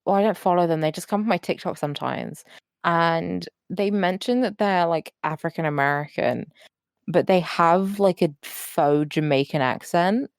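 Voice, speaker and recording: A woman's voice: fairly low pitch, normal speed, clean tone, no echo, studio quality. A young woman co-hosting a podcast in casual, sarcastic chat, swearing freely. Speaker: podcast co-host.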